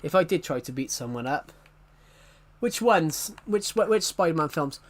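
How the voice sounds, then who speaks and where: A young man with a slightly high voice and lively intonation rambles at normal speed through casual livestream chat. Self-deprecating, he chuckles often and stumbles over his own sentences.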